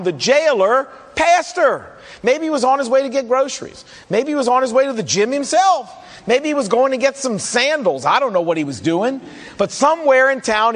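Male pastor, very high voice, conversational sermon delivery, echoing church hall. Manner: conversational preaching, acts out listeners' questions.

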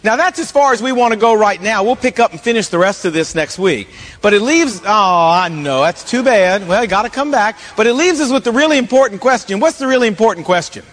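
A man, a pastor, giving an animated sermon with jokey storytelling. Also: extremely high pitch, fast talker. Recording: long reverb of a large hall.

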